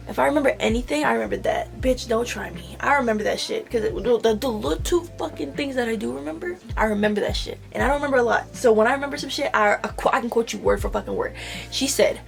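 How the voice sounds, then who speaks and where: A young woman telling an animated storytime about nursing school, swearing and acting out the dialogue. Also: fairly high pitch, fast, vocal fry, soft background music. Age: young adult. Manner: animated retelling, swearing, slang-heavy. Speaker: vlogger. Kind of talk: storytime vlog.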